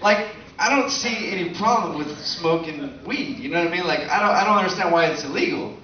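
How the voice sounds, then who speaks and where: A man's voice: high voice, a little fast, a little hiss or hum. A man doing a loose, profane stand-up set, chatting with the crowd and laughing often. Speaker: stand-up comedian. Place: comedy show at a bar venue. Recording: echoey room, distant mic, dull sound, audience laughter. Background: audience laughter.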